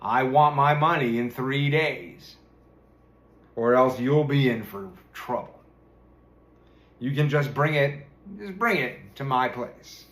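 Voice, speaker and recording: A man's voice: mid-range voice, animated, slow, pauses often, a bit bright. Man reading as a stubborn indignant farmer, grumbling, storybook tale, roomy echo.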